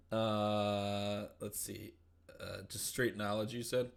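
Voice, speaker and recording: Low, gravelly man asking questions. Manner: questioning, filler-heavy. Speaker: player. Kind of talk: casual table talk.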